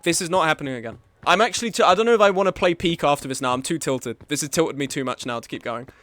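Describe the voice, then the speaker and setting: A young man streaming a game live, frustrated and swearing, swinging between low muttering and loud outbursts. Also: lively intonation, fast talker.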